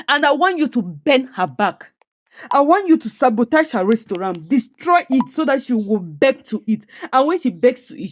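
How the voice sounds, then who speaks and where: A woman's voice: a little high, no room sound. Nigerian woman reading a meddling male schemer, exclamatory, dry close sound. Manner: pushy, exclaiming.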